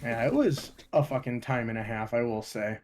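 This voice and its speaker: A young man from Ohio swaps stories on a podcast in relaxed, casual chat. He swears freely and tells his stories with lots of energy. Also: medium pitch, moderate pace, slight background noise. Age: young adult. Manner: profane, animated storytelling. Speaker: podcast co-host.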